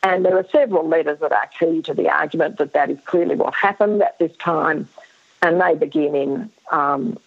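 Guesting on a radio interview by phone, the tinny line carrying her voice, an Australian woman historian speaks at normal speed despite losing her voice. It's low with vocal fry and a breathy edge. She talks emphatically, full of fillers and restarted sentences.

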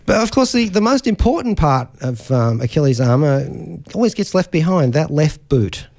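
A man's voice: fairly high pitch, big pitch swings, moderate pace, a little mellow. A man hosting a studio radio interview, chatty and hesitant, with frequent fillers and pop-culture quips. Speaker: radio host.

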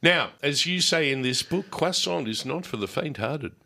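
A man's voice: a little high, lively intonation, moderate pace, gravelly, bright, forceful tone. A man, a radio host who chats and drifts into long stories. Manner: chatty, digressive storyteller. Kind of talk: casual interview chat.

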